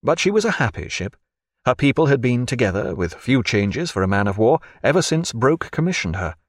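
A man reading a historical sea novel aloud as narrator, with an expressive storytelling delivery. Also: mid-range voice, brisk, dry recording, clean studio sound. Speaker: audiobook narrator. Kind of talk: scripted narration.

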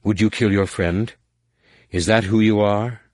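A man voicing a calm, sad female alien mentor who speaks slowly and probingly. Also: on the low side, dry recording, studio quality, natural voice. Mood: calm, sorrowful. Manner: slow, sorrowful, quietly probing.

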